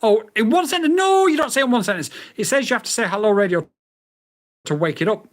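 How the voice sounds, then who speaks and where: A man in a casual review vlog, his pitch leaping all over as his patience runs out. He swears and keeps repeating the same voice commands, exasperated and blunt. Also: lively intonation, quick pace. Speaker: vlogger reviewing a drone radio.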